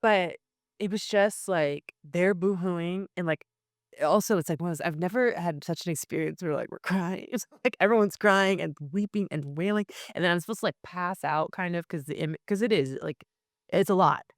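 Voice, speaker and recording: A woman, an actress in her thirties, chatting casually as an interview guest, full of fillers and quick laughs. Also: on the low side, dry recording, studio quality.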